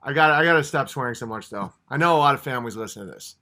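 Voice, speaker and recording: Fired-up, profane livestream host. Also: male voice, medium pitch, lively intonation, very fast, sharp tone. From upstate New York. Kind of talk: casual livestream rant.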